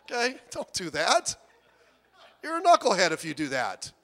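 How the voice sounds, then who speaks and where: A male pastor preaching a sermon in a church, animated and conversational, acting out the people he quotes and swinging from soft asides to loud outbursts. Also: sits high, moderate pace, in a large hall.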